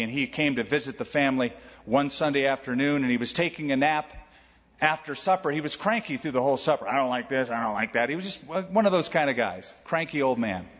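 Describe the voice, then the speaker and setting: A man's voice: fairly high pitch, a bit bright. A male pastor delivering a sermon in a conversational, storytelling way, with emphatic points. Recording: echoey hall, dull sound.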